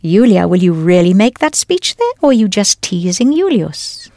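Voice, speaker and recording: A woman's voice: mid-range voice, sing-song, normal speed, mellow, no echo, studio quality. A woman teaching a scripted language lesson, enunciating carefully and prompting the listener with questions.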